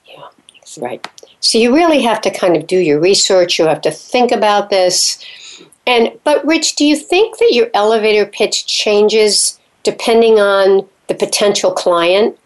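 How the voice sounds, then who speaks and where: A woman's voice: mid-range voice, expressive, a little slow. A woman hosting a radio interview, chatty and affirming as she asks her guest follow-up questions. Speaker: radio show host.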